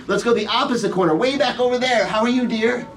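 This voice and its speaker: A man's voice: extremely high pitch, fast, a bit bright. A middle-aged man performing a comedy magic show on stage, bantering and teasing volunteers as he leads each trick. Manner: playful, teasing audience banter. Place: theater show room, recorded from the audience. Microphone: audience member's camera from the front row. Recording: distant stage voice with faint room noise.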